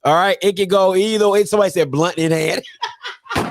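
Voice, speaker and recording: A man hosts a live call-in stream in a loose, joking way. His voice sits high and sounds dry and close to the mic. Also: fairly even intonation, a little fast, no room sound. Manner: playful, joking, laughs often. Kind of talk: casual live show chat.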